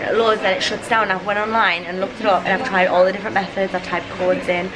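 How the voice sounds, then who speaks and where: A woman, telling an animated, exasperated story in a busy cafe. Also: mid-range voice, fast talker. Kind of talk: casual chat. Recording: loud crowd noise behind. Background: loud crowd chatter.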